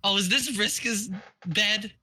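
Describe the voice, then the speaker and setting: A man's voice: high voice, unhurried, a crowd in the background. A man chatting playfully with friends while they read a comic together. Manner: playful, laughing, questioning. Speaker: streamer reading with friends. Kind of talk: casual chat.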